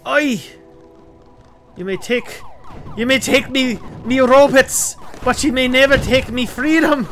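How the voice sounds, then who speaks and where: A defiant rebel warrior bellows a rousing cry, as a man puts him on. Game music plays clearly behind him. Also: very high voice, slow pace, a bit bright, pitched above the performer's own voice, heavily acted.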